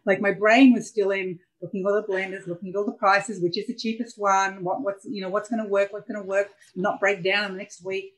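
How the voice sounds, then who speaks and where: A middle-aged Australian woman telling personal stories as a podcast guest, candid and animated as she acts out scenes. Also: medium pitch, fairly quick, hardly any pauses, rough recording. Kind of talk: personal storytelling in a podcast interview.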